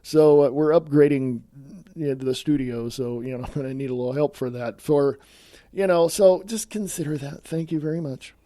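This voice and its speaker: A man's voice: on the high side, moderate pace, mellow, no room sound, studio quality. Blunt, sarcastic man podcasting. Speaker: podcast host. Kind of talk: opinion podcast monologue.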